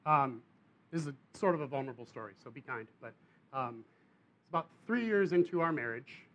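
A young adult man, preaching a sermon and telling a personal story with animated bursts of emphasis. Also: mid-range voice, fairly quick, muffled recording.

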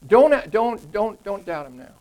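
A man's voice: high-pitched, animated, measured pace, mellow, poor audio. A man leading a Bible study group, teaching scripture conversationally and putting questions to the group. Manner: conversational, asks the group questions, repeats words when emphasizing.

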